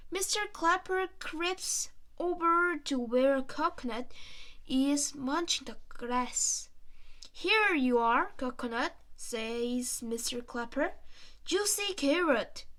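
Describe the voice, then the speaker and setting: A woman reading a children's picture book aloud in a slow, sing-song way, playing up sound words and animal noises. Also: high-pitched, a bit bright. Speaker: storyteller.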